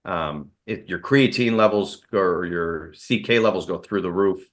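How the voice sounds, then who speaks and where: A man's voice: sits low, measured pace. A man guest on an interview show, talking candidly and rambling with fillers and restarts. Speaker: guest, martial arts expert. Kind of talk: casual interview storytelling.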